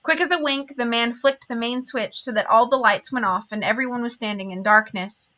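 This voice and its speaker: A woman's voice: a little high, normal speed, bright, forceful tone. A woman reading a novel aloud with wry, dramatic storytelling. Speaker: reader.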